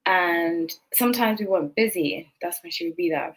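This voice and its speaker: A woman's voice: on the low side, normal speed, rough recording. Chatty woman telling a rambling story. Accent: non-local accent noticed by others. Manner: rambling, chatty, full of asides and self-corrections. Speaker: tarot channel host. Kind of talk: casual storytelling to camera.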